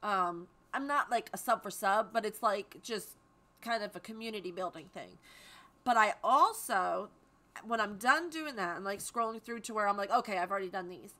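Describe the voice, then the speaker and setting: A woman's voice: mid-range voice, moderate pace, pushed and bright. A woman hosting a live stream from home, chatting casually and greeting viewers by name. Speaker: livestream host.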